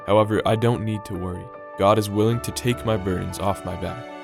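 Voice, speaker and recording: A young man reading a scripted devotional in a calm, earnest way. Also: on the low side, a little fast, creaky, over music. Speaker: devotional reader.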